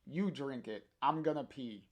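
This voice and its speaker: A man's voice: mid-range voice, a little slow, close to an everyday voice. A man reading aloud the lines of a stubborn, upset seventeen-year-old girl. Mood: sulky.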